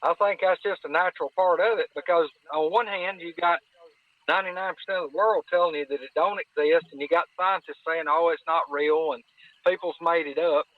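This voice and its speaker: A man's voice: a little high, a little fast, no room sound. Earnest Southern man on a phone line. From North Alabama. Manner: folksy, earnest, repeats words while searching. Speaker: podcast guest. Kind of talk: casual chat.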